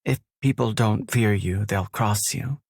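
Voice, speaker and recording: A man voicing a teasing, stubborn young woman with a raspy voice in an audiobook romance. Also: fairly low pitch, measured pace, darkish tone, no room sound, clean studio sound, full character voice. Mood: probing. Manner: playful then probing, questioning. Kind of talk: audiobook narration.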